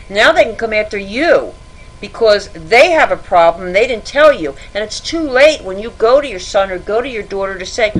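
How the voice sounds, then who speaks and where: A woman's voice: mid-range voice, fairly bright tone, slight background noise, poor audio. A middle-aged woman talks through credit troubles on a podcast as a guest. Her delivery is earnest and cautionary, with warnings driven home and examples spelled out step by step. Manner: earnest, cautionary advice-giving. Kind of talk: podcast interview.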